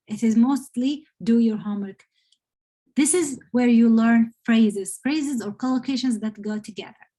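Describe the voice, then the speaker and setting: A woman with an Arabic accent teaches an online English lesson in lecture form, explaining patiently and often checking in with "okay?" Her voice is a little high with a warm tone.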